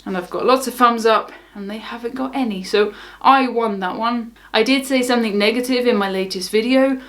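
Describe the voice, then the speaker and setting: A woman's voice: a little high, fairly quick, fairly bright tone. A young woman from the south of England with a southern English accent, chatting casually to camera as a cruise vlogger in a wry, unbothered way. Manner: wry, unbothered, laughs things off.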